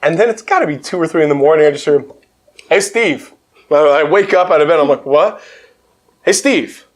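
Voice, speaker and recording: Animated man telling a story. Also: a little high, a little fast. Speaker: host. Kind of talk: casual storytelling chat.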